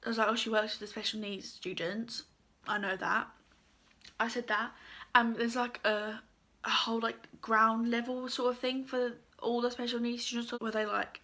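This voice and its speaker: A young woman vlogger telling a casual storytime, chatty with lots of fillers, her voice a bit croaky. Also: on the high side, little pitch movement, normal speed, pushed and bright. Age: young adult.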